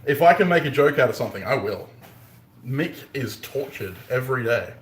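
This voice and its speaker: A man's voice: mid-range voice, animated, moderate pace. A man with an Australian accent, a bladesmith chatting casually on a live stream, joking and punning and laughing often. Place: workshop forge. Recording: roomy echoey workshop.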